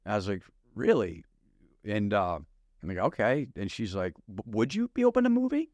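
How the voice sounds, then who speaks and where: A man's voice: lowish voice, normal speed, no echo. A middle-aged man from Wisconsin telling his testimony as a pastor, laughing often and acting out conversations. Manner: animated, laughs often, acts out dialogue. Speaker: guest pastor. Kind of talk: storytelling testimony.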